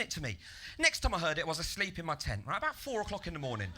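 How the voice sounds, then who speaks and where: Brief: male stand-up with a high, sharp, lively voice and deadpan delivery that turns into rants. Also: very fast, a little hiss or hum. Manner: deadpan setups that burst into loud, ranting act-outs. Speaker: stand-up comedian. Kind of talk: stand-up comedy set. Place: comedy club stage.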